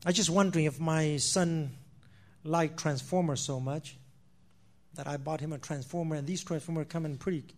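A man preaching a sermon, swinging between loud declarations and hushed asides, repeating phrases and calling listeners "my friend.". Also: on the high side, steady tone, normal speed.

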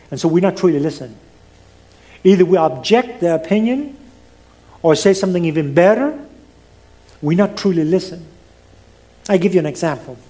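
A man's voice: sits high, a little mellow. A middle-aged man preaching a sermon as pastor, swinging his voice up and down, with some non-native grammar.

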